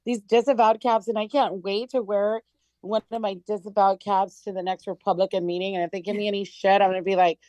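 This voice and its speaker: A woman's voice: medium pitch, flat delivery, a little fast, darkish tone, no room sound, poor audio. A woman guest in casual chat, brash, swearing and laughing as she talks.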